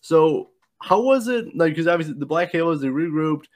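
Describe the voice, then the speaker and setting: Stumbling podcast host, slightly high voice. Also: male voice, animated, moderate pace. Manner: stumbles and restarts words, fills with "you know". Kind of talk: casual interview chat.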